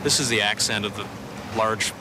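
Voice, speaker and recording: Lower-voiced man explaining language history. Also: noisy background. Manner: measured, explaining step by step. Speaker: language expert interviewee. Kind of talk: explanatory interview.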